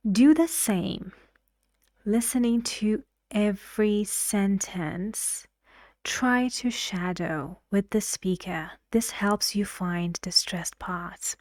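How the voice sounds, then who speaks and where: A woman's voice: mid-range voice, slow, darkish tone, no room sound, clean studio sound. A woman teaching English pronunciation, patiently giving instructions and drilling syllables aloud. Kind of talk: slow, careful classroom instruction.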